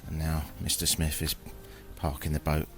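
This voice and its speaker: A man's voice: rumbling low, completely flat delivery, normal speed, a bit bright, soft background music. A British man hosting a travel podcast, chatting casually and wryly outdoors on a river raft and at a jungle kitchen, with the odd swear. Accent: British English. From Britain. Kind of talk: casual travel audio diary. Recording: outdoor field recording with insect noise. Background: chirping birds and crickets.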